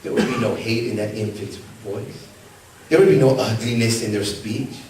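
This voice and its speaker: A man preaching a sermon as pastor, telling stories and asking the congregation rhetorical questions, swinging between loud, high calls and soft, low asides. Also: moderate pace, background noise. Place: church sanctuary. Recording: echoey church from a distant mic.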